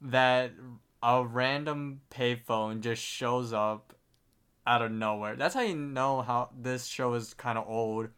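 A man co-hosting a podcast, chatting casually in a relaxed way. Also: mid-range voice, slow pace, clean tone. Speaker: podcast co-host. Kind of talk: casual chat.

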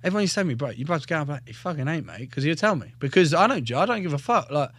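A man's voice: a little high, very fast, husky, no room sound. Swearing young man telling a story. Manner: heavy swearing, animated, acts out quotes. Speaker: guest, fighter. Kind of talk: casual storytelling.

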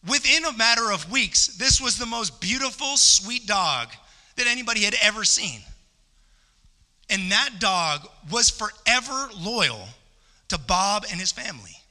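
Bright, impassioned preacher man in reverberant church. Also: high-pitched, sing-song, a little slow. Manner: impassioned, rising to emphatic peaks and repeating phrases. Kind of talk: sermon. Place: church sanctuary. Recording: long church hall reverb.

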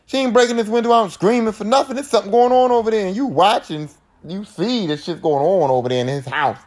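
A man's voice: high-pitched, fast talker, a little mellow. A man hosting a podcast, recapping a horror film in a casual, profane monologue and acting out the characters' lines. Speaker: podcast host.

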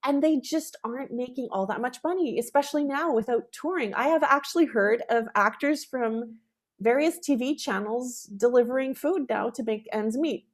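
A middle-aged woman composer in an interview, talking with animated emphasis and acting out the people she quotes. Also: on the high side, normal speed. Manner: animated, acts out quoted callers. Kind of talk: conversational interview.

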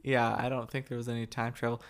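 Smooth-voiced young man chatting casually. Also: mid-range voice, little pitch movement. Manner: chatty, quick to joke and laugh. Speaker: podcast co-host. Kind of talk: casual chat.

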